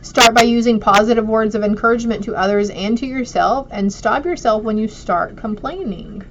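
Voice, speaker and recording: In a fairly high voice at a moderate pace, a woman pulls oracle cards for her viewers, talking to them in a casual, loving way. The recording is dull and lo-fi, with a little hiss or hum.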